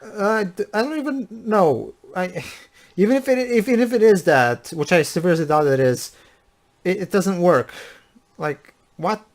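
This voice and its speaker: Young male co-host, slightly high voice, deadpan and dismissive. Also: a little slow. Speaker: commentary co-host. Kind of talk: casual movie commentary chat.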